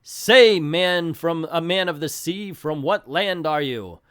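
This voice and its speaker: Give me an old sea captain in wonder, read by a man, lively pitch. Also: slow, clear, resonant tone, dry recording, clean studio sound. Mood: amazed. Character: weathered old sea captain, male, amazed.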